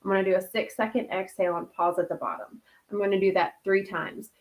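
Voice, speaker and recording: A woman's voice: mid-range voice, fairly even intonation, fast talker. Laughing woman hosting a livestream. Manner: warm, laughs often, drops to soft guided meditation. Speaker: host. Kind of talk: casual livestream chat and guided breathing.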